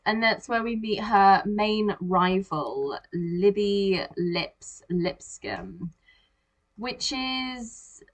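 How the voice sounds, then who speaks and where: Chatty woman reviewing a film. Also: mid-range voice. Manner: animated, acts out reactions in quoted asides. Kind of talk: casual movie discussion.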